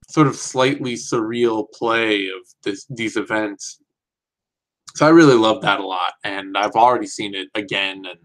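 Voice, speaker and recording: A man's voice: mid-range voice, a bit bright, low-quality recording. A man hosting a casual film review show, talking in a rambling, self-correcting way with real enthusiasm.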